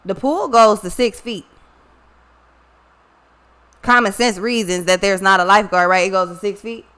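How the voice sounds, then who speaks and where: At a medium pitch and moderate pace, with a fairly bright, clean tone, a woman gives a blunt, casual tarot monologue. She scolds and swears at her viewers directly while sharing a personal story.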